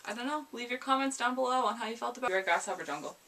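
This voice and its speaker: Young woman from the US rambling about books she loves, bright voice, little bit of hiss in the background. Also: a little high, expressive, rapid-fire. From America. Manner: chatty, rambling, playfully dramatic. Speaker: book vlogger. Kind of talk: casual book chat to camera.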